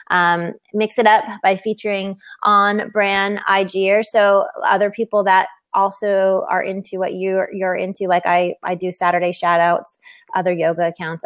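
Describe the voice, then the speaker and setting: Chatty woman teaching a webinar. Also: medium pitch. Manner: chatty, full of "like" and "um", animated. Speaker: yoga teacher giving a social media webinar.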